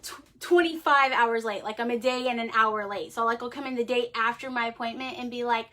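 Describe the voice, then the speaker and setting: A woman's voice: fairly high pitch, fairly even intonation, fairly quick, a bit bright. A woman hosting a casual cosmetics-making livestream, chatty and rambling, full of "like", laughing easily. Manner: chatty and rambling, heavy use of "like". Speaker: host of a handmade cosmetics show.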